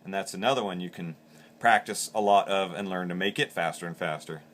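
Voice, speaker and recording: A man's voice: low-pitched, fairly quick, fairly bright tone. A man teaching in a plain, practical way, explaining step by step and repeating words as he goes. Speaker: call maker instructor. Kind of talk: instructional demonstration.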